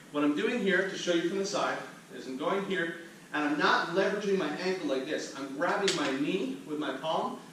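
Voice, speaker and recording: A man coaches a cool-down routine, explaining each stretch as he shows it. His voice sits a little high. The sound bounces around a bare room with a lot of echo, and the mic is some distance away with faint noise underneath. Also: a bit bright. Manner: upbeat, talks the viewer through each step while demonstrating. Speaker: fitness instructor. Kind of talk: instructional workout demonstration.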